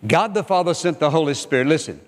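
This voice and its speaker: A man's voice: fairly high pitch, animated, quick pace, long reverb tail. An older man preaching a sermon as pastor, emphatic and repetitive, questioning his listeners directly.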